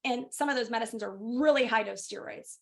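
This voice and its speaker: Animated middle-aged woman telling her story. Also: a little high, fairly quick, creaky. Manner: animated storytelling, lively laughs. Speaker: guest speaker, physician. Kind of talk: personal story in a webinar.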